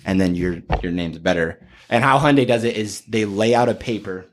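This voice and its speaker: A man's voice: fairly low pitch, a little fast, slight background noise. A young man, a podcast guest, chatting casually and acting out customers and salesmen as he tells stories. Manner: animated storyteller, acts out customers and salesmen. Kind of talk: casual chat.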